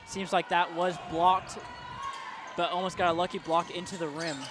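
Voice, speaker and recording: High-voiced young man cracking deadpan jokes. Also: noisy background. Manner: wisecracking, quick deadpan quips. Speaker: student sports commentator. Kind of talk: casual play-by-play commentary.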